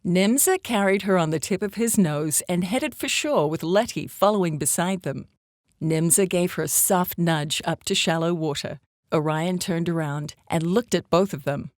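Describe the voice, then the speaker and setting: A woman reading a children's story aloud in an animated storytelling voice. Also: fairly low pitch, normal speed, dry recording, clean studio sound. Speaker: storybook reader.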